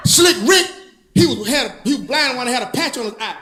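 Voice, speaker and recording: A man doing stand-up on a club stage with a very high voice that bounces up and down. He tells stories in a sing-song way and keeps laughing at his own jokes, with faint music in the background. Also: animated, a little fast, bright, forceful tone. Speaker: stand-up comedian. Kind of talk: stand-up comedy set.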